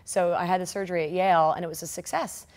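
A woman's voice: on the low side, quick pace. A woman in her forties, a triathlete guest, telling a story in a casual interview, laughing and acting out quotes. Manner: animated, laughing, acts out quotes.

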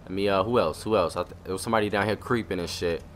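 A young man doing profane, excitable let's-play commentary. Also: low voice, very fast, a little hiss or hum. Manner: profane, excitable trash talk. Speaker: gamer commentator.

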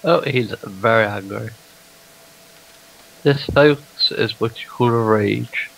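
A man's voice: on the low side, takes it slowly, gravelly, a bit bright, poor audio. A man playing a game with a friend, teasing him dryly when he dies. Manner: dry teasing remarks. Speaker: gamer. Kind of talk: casual gaming chat.

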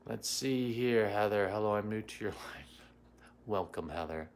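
A man's voice: fairly low pitch, a little slow. A middle-aged man hosting a casual livestream as a psychic medium, greeting viewers by name and answering comments with many fillers. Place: home in Washington, D.C.

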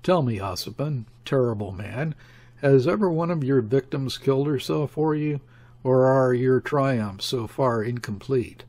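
A man doing a sardonic anarchist professor in an audiobook, crisp scornful delivery, gravelly edge, husky tone. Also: medium pitch, expressive, unhurried, darkish tone. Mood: contemptuous. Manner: scornful, precise, sententious. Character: cold sardonic male anarchist professor, contemptuous. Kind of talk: audiobook character voice.

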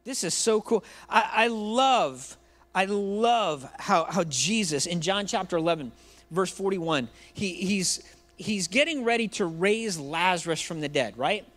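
A man's voice: high voice, lively intonation, measured pace, a bit bright. A man preaching a sermon in a church, joking and conversational, addressing the congregation directly. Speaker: pastor.

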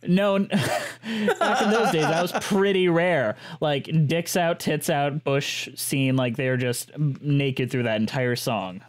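A man's voice: a little high, slow pace. A man co-hosting a podcast, chatty and swearing freely, laughing as he talks. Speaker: podcast co-host. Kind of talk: casual chat.

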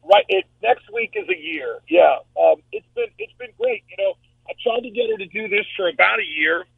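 A man's voice: sits high, sing-song, moderate pace, gravelly, slightly rough, no room sound. An older man, a sports talk radio host, telling a personal story as a guest and repeating his words for stress. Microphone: phone call. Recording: tinny phone line, dry.

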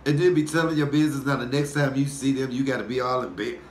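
A man, a comedian vlogger, doing a profane, animated casual rant for his viewers. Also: mid-range voice, fast. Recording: echoey room with faint noise.

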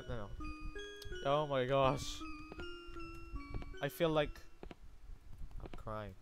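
A man doing let's play commentary from a room at home, excitable and prone to yelps and shrieks when scared. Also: medium pitch, extremely slow, pauses often, music in the background. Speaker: gaming YouTuber. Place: home room with a fan running.

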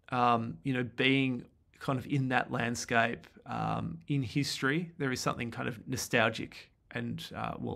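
Guy lecturing about a film, gravelly voice, lots of ums and restarts, throws questions at you. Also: mid-range voice, a bit bright. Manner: thinking aloud with many fillers and restarts, posing questions. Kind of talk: casual recorded lecture.

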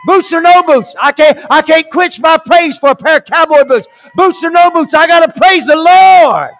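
A man voicing an exuberant churchgoer in a sermon story, shouting and pleading that he cannot hold back his praise. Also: very high-pitched, moderate pace, pitched above the performer's own voice. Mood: ecstatic.

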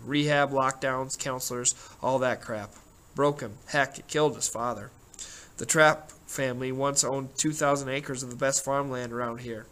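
A man reading a gruff, middle-aged sheriff who spins long folksy yarns at an ordinary pitch. He rambles and growls his way through the telling, like a storybook lawman who loves to talk. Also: a bit bright, close to an everyday voice.

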